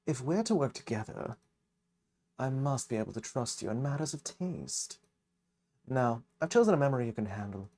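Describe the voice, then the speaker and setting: A man voicing a pompous, wistful male character from a visual novel, with a drawn-out, grand delivery. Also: medium pitch, lively intonation, darkish tone, slight background noise, natural voice. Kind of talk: reading a visual novel aloud.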